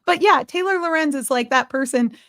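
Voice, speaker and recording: A woman with a high voice co-hosts a live commentary chat. Her delivery is emphatic and sarcastic, and it comes through close and dry. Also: fairly quick, a bit bright, no room sound. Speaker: co-host and fellow content creator.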